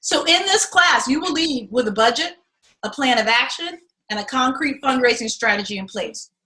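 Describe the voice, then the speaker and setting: Middle-aged woman coach, high-ish, bright voice, salty and animated teaching pitch. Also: rough recording. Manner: candid and profane, animated storytelling. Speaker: acting and fundraising coach.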